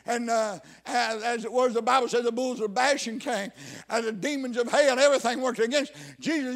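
A man delivers a fiery sermon in a high voice. He swings between ringing cries and low, hushed stretches. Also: creaky. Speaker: preacher.

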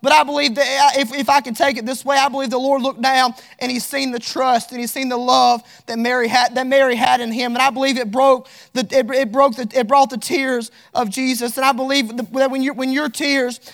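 A man's voice: extremely high pitch, flat delivery, fairly quick, creaky, few pauses, fairly bright tone. A man. He is fervent and repetitive, drifting into a sing-song cadence as he reads scripture aloud. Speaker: preacher. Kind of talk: sermon.

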